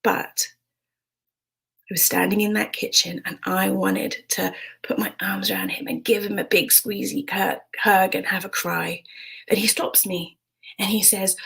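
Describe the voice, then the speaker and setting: A British woman in her forties telling a frank personal story in a hushed, intimate way. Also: mid-range voice, flat delivery, unhurried, vocal fry, slightly rough, low-quality recording. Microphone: streamed stage mic.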